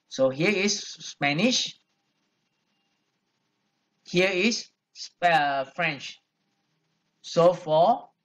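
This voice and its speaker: A male math teacher explains an exercise one step at a time. His voice sits a little high, and he speaks slowly and patiently, repeating each number as he goes. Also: fairly bright tone. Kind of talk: classroom lesson, working through an exercise.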